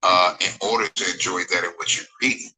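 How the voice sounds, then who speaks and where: A man's voice: deep voice, fairly even intonation, fast talker, pushed and bright, breathy edge, rough recording. A man in his forties giving a rambling livestream monologue, emphatic and digressive, repeating himself and often asking the viewers if they follow him while reading their chat comments. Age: 40s. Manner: emphatic, digressive, repeats phrases, asks for agreement.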